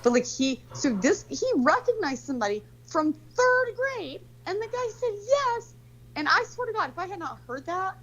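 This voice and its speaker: A woman's voice: high voice, lo-fi sound. A woman telling a story in casual chat, rambling and swearing freely, leaning heavily on "like". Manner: rambling, profane, heavy use of "like".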